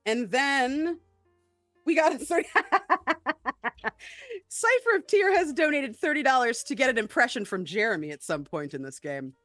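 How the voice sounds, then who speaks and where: A woman's voice: high-pitched, very animated, a little slow, fairly bright tone, dry recording, studio quality, faint music behind. Bubbly woman hosting a game stream. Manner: bubbly, hesitant with fillers. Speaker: stream host. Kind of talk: casual live-stream chat.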